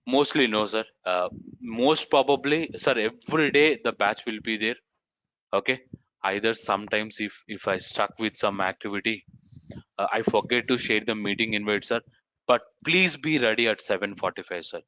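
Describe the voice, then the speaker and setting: A man's voice: lowish voice, moderate pace, bright, forceful tone. A man teaching a live online course, answering students and calling them sir and ma'am. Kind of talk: live class Q&A. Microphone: video call. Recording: muffled online meeting audio.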